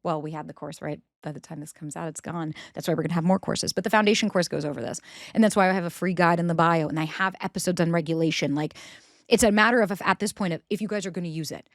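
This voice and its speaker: A woman's voice: lowish voice, quick pace, no room sound, clean studio sound. Blunt, profane woman podcast host. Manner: acts out quoted voices. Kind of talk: candid advice monologue.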